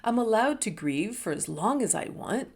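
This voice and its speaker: A woman's voice: mid-range voice, normal speed. Candid woman in her fifties, storytelling. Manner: candid and expressive, dropping to soft murmurs and rising with emphasis. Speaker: host sharing a personal story. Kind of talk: reflective personal storytelling.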